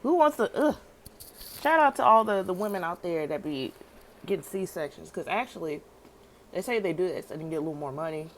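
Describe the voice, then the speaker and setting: A woman casually recapping a TV episode, animated and slangy, laughing often. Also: lowish voice, quick pace, slight background noise, poor audio. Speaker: TV show recapper.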